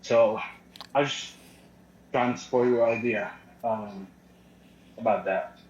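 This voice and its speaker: A man from the Middle East calling in from a gym, out of breath, earnest and halting. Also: mid-range voice, steady tone, darkish tone. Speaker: caller. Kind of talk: casual call-in comment. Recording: muffled echoey call audio.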